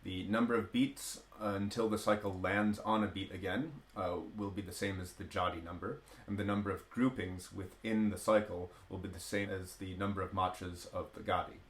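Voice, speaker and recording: This low-voiced man explains rhythm one step at a time in a music lesson, hesitating frequently, yet he speaks at a normal speed with few pauses. He chants rhythm syllables in even, counted patterns, and the room gives off a noticeable echo.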